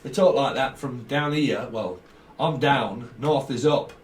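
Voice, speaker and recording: A man's voice: medium pitch, measured pace, distant mic. A man giving a casual tarot reading, rambling from one association to the next and chuckling often. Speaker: tarot reader. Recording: roomy sound, off-mic, faint background hiss.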